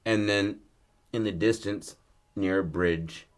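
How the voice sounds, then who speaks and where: A man with a fairly low voice pitches a story in relaxed podcast chat. He talks loosely and swears freely, and he drops into quick character lines as he goes. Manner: laid-back, profane, acts out lines in his story. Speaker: podcast co-host.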